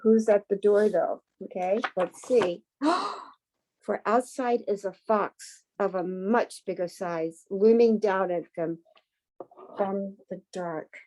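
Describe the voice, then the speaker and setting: A woman reading a picture book aloud to children, unhurried and pausing to point out the pictures. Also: mid-range voice, darkish tone. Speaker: storybook reader.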